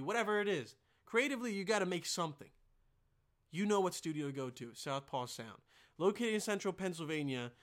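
A man hosting a podcast, doing a rowdy, profane comedic ad read with sudden loud outbursts. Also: high voice. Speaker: podcast host.

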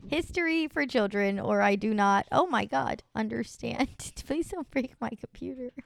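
Young woman podcast host, a bit high, gravelly fry, giggles while reading stuff off her screen. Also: animated, normal speed, a little hiss or hum. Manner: giggly, reads search results aloud. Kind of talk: casual chat.

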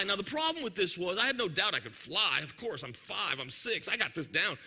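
Animated, bright-voiced preacher. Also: male voice, high voice, a little fast, hardly any pauses, husky. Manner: animated, joking, talks directly to the audience. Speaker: pastor. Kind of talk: sermon storytelling.

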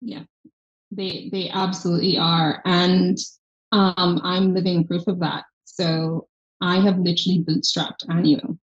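A woman with a softened Irish accent, a health tech founder talking as a guest on an interview podcast, telling stories in an animated way. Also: on the low side, unhurried, highs cut off. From Ireland. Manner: animated storytelling, acts out quoted dialogue. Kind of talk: casual interview chat.

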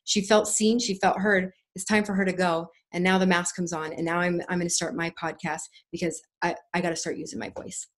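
On a podcast, a woman guest talks in a casual, effusive, earnest way, rambling and restarting her sentences in a conversational interview. Her voice sits on the low side, level in tone, and she speaks briskly with few pauses.

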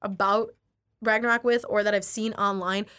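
A woman's voice: medium pitch, steady tone, moderate pace, a bit bright. A young adult woman chatting casually as a podcast co-host, peppering her talk with "like" and retelling scenes with animation. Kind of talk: casual chat.

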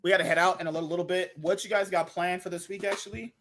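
A man co-hosting a casual podcast, telling crude stories in an animated way. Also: sits high, very fast, a little hiss or hum. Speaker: podcast co-host.

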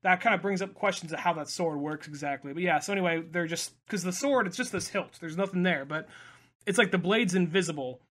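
A man's voice: sits high, a little fast, a bit bright. A man in casual podcast chat, thinking aloud about a film with crude humor. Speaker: podcast co-host.

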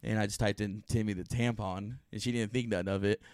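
A man's voice: lowish voice, fairly even intonation, fast talker, a little mellow, no echo. A man hosting a casual podcast chat, telling rambling stories and laughing often. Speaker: podcast host.

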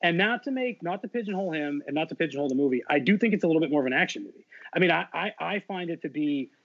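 A man's voice: on the high side, animated, very fast. A man in a casual podcast chat about films, hesitant and hedging with many ums. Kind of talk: casual movie discussion. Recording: dull lo-fi sound.

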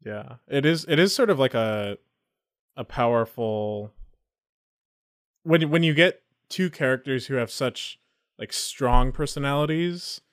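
A man's voice: medium pitch, a little slow, fairly bright tone, no echo, studio quality. A man in casual chat about a comic, speaking thoughtfully with hedges and fillers. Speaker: comic discussion co-host.

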